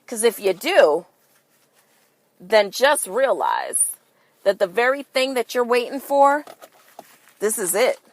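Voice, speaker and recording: A woman's voice: on the high side, huge pitch swings, slow, long pauses, no echo. A woman hosting a podcast in a casual monologue, emphatic and swearing freely, firing rhetorical questions at listeners. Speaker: podcast host.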